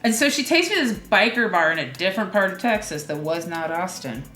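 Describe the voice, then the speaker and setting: A woman comedian talking as a guest, chatty and animated, with playful asides as she tells her stories. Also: fairly low pitch, a little fast. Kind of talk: casual chat, storytelling. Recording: roomy echo.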